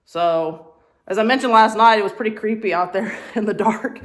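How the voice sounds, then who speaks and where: A woman's voice: medium pitch, normal speed, no echo. A woman with a Texan accent talking casually to the camera outdoors on a ranch, chatty and laughing easily. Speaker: hunter vlogger. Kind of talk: casual vlog talk to camera.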